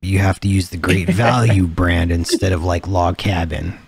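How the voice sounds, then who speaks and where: Brief: male podcast host, low husky voice, dry mic, tosses in wisecracks. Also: fairly even intonation, moderate pace, no echo. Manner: joking interjections. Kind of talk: casual podcast chat.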